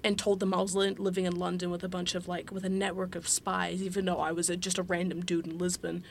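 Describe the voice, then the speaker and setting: A young woman co-hosts a casual podcast, her voice carrying a gravelly fry. She tells stories in a chatty rush, acting out quotes and leaning on "like". A faint hiss sits under the recording. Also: fairly low pitch, flat delivery, fast talker. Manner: chatty storyteller, acts out quotes, many fillers. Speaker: podcast co-host. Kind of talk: casual chat.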